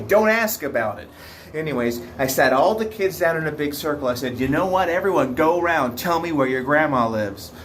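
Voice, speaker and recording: A man, a camp counselor, telling a story in a lively way and acting out the kids' voices. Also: fairly high pitch, slight background noise.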